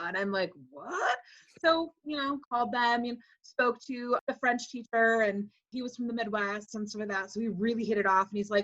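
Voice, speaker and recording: A woman in her forties from Wisconsin, a high school teacher telling her story as an interview guest, animating quotes in a chatty way. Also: normal speed, highs cut off. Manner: animated, acts out quoted speech with "like".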